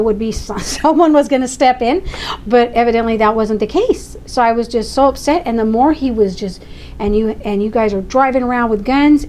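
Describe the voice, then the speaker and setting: A middle-aged woman telling her own story as a mother, her voice sitting a little high. She tells it with heated emphasis. A faint hiss of background noise runs under the recording. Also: a little mellow. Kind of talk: personal testimony.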